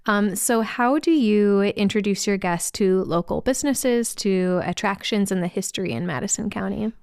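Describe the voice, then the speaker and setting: Casting: woman podcast host, smooth clear voice, close dry mic, attentive interviewer. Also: mid-range voice, normal speed, darkish tone, dry recording. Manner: attentive, affirming listener. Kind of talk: interview questions.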